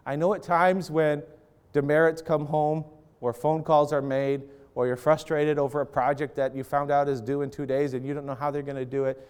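A pastor preaches to parents and students with impassioned delivery, his voice swelling and dropping as he acts out prayers. His pitch is fairly high with little movement, his pace moderate, and his tone clean and a little mellow.

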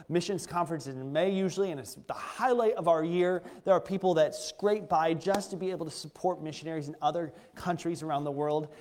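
Earnest missionary preacher in an echoey church. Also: male voice, on the high side, a little mellow. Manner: earnest, conversational, with frequent restarts. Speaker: missionary pastor. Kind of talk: sermon testimony. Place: church sanctuary.

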